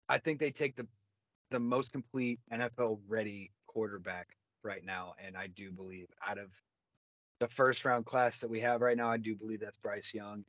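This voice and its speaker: A man's voice: on the low side, bright, forceful tone, no echo, lo-fi sound. A man co-hosting a casual sports podcast, cursing freely and repeating words as he talks. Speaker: podcast co-host.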